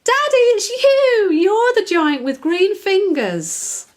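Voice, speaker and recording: A woman voicing an eager, curious little girl in a children's storybook reading, in a high, earnest childlike voice. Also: big pitch swings, moderate pace, a little mellow. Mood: delighted.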